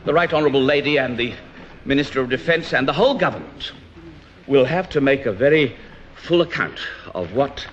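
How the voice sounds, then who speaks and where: A man speaking in a parliamentary debate as an opposition politician, rhetorical and emphatic, with pauses and restarts. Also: medium pitch, lively intonation, slight background noise. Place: House of Commons debating chamber. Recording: dull archive parliamentary broadcast.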